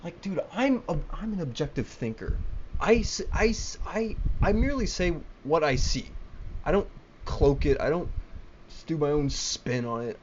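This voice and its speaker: A man's voice: a little high, expressive, moderate pace, a little mellow, highs cut off, slight background noise. A young man ranting alone to a webcam, agitated, swearing often and stumbling over his words. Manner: agitated, swearing, restarts and stammers. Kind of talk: rambling solo rant to camera. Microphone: laptop webcam mic.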